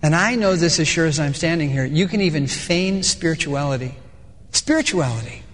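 A man's voice: a little high, animated, moderate pace, a bit bright. A male pastor preaching a sermon in a church, dramatic and emphatic, moving from storytelling into intense exhortation. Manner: dramatic, swings between playful story voices and intense preaching. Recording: long reverb of a large hall.

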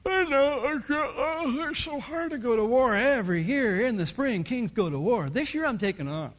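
A man's voice: high voice, sing-song, normal speed. A man voicing a lazy, self-indulgent king who whines and leers. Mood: whiny. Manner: whiny, then sly and leering.

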